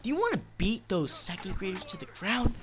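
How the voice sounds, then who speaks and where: A man's voice: sits high, big pitch swings, fairly quick. Man, vlog host, rambling, joking, stops and restarts, noisy recording with gunfire behind. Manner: rambling, dark-joking, self-interrupting. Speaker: channel host.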